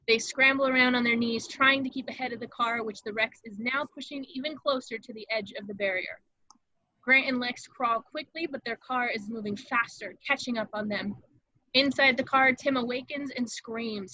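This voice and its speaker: Bright-voiced woman reading stage directions. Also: a little high, no echo, dull audio. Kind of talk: table read narration.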